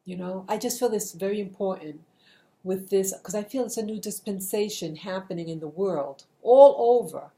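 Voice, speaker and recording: Woman, middle-aged, earnest monologue, mellow voice, frequent restarts. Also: mid-range voice, moderate pace. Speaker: video blogger giving a motivational message. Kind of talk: casual spoken monologue.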